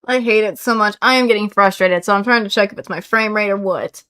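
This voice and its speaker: A woman's voice: medium pitch, a little fast, fairly bright tone, smooth. A young woman streaming a game, talking straight to her chat and exclaiming aloud at what goes wrong. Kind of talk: casual live-stream gameplay chat.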